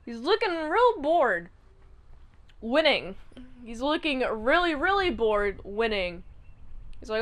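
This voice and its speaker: A woman recapping and reviewing a TV episode in a chatty, animated way. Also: fairly high pitch, clear, resonant tone. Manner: chatty and animated, acts out quotes. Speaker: show reviewer.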